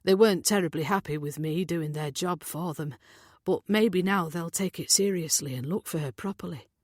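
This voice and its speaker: A woman's voice: lowish voice, moderate pace, a little mellow, no echo, clean studio sound, natural voice. A woman reading the part of a worried man searching for his missing sister, speaking earnestly and apologetically.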